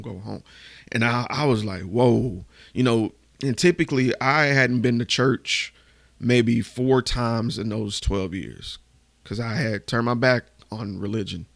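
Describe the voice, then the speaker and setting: A male podcast host tells a candid, emotional personal story, swearing casually and dropping to a hush at the painful parts. His mid-range voice is creaky, and there's no room sound.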